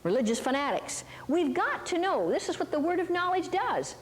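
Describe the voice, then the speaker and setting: A woman's voice: extremely high pitch, very animated, normal speed, long reverb tail, slight background noise. An older woman teaching a Christian ministry talk, telling stories in a chatty, folksy way with many asides and questions to her listeners. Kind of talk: sermon with storytelling. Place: hall before a live audience.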